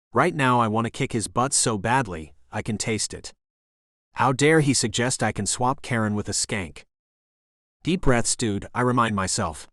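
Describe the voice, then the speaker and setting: A man reading a first-person romance audiobook in a steady, even narration. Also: on the low side, dry recording, clean studio sound.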